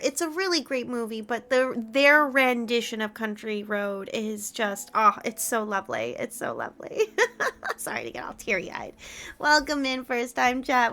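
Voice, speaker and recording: Giggly high-voiced young woman streamer. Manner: gushing, giggly, greets chat warmly. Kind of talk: casual live-stream chat.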